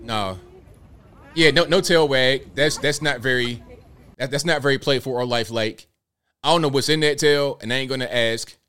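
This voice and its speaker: A male host of a live commentary show, talking in an animated way and firing off rhetorical questions. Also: mid-range voice, normal speed, smooth.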